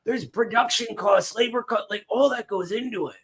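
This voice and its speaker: A man's voice: high voice, normal speed, fairly bright tone. A man giving commentary on a livestream in an exasperated, emphatic way.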